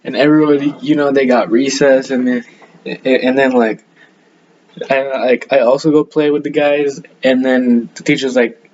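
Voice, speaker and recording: A man's voice: medium pitch, steady tone, moderate pace, darkish tone, highs cut off, slight background noise. Rambling young man telling school stories. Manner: rambling, full of fillers and self-corrections, laughs at himself. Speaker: podcast storyteller. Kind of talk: rambling casual storytelling.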